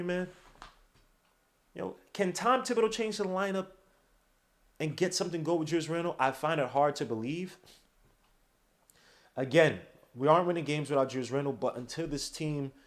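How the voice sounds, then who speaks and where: Loud, slangy man hosting a sports podcast. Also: medium pitch. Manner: loud, animated, slangy, trails off while searching his screen. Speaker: podcast host. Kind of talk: casual live-stream sports talk.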